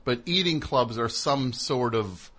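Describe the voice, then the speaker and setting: A middle-aged man hosting a casual interview show, chatty, with rambling asides and many quick affirmations. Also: mid-range voice, animated, fairly bright tone. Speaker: radio host.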